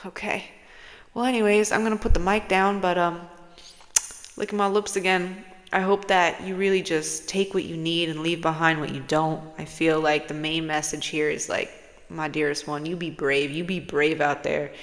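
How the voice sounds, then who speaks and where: Speaking at a normal speed in a deep voice with little pitch movement, a spiritual channeler chats casually with her viewers in a vlog. She rambles, swears freely, plays around, and slips into whispers, all under a long, hall-like reverb.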